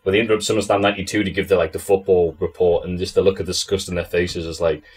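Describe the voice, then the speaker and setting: A man's voice: low-pitched, level tone, fast, darkish tone, husky. A man who is a podcast guest, chatting casually in a sardonic way, swearing and laughing often. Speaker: interview guest.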